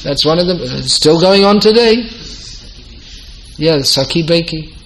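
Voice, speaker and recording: A man's voice: fairly high pitch, expressive, a little slow, a bit bright, a little hiss or hum, rough recording. A man giving an informal religious discourse to a small group, telling stories and quoting dialogue. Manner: storytelling, quotes dialogue, laughs at own points. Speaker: devotional teacher.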